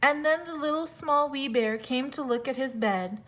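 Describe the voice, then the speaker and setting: A woman teacher with a high voice reads a fairy tale aloud to children at a moderate pace. She's expressive, making small slips and correcting herself.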